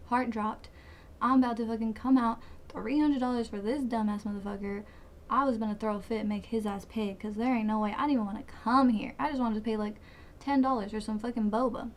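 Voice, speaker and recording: A woman's voice: on the high side, slight background noise. Profane young woman telling a dramatic story. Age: 20s. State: sweating, hot. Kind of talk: casual storytime vlog. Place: hot room.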